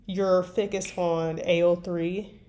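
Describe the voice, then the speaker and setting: This streamer has a lowish, warm voice with a level tone, and she takes her time speaking. She rambles to her viewers and pokes fun at herself while working on fan fiction at her computer desk, with soft typing and clicking behind her.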